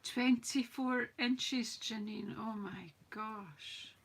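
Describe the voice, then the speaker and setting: A middle-aged British woman hosts a live cardmaking demonstration, chatting casually and poking fun at herself as she greets viewers from the comments. Her voice sits on the high side, slightly rough, with drawn-out words.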